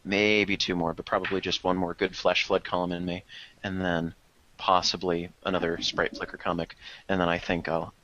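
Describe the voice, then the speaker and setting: A man's voice: low voice, little pitch movement, moderate pace, pushed and bright, slight background noise. A man who writes columns for a website, chatting in an easygoing, self-deprecating way. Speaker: site columnist. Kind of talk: casual chat. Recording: muffled lo-fi livestream audio.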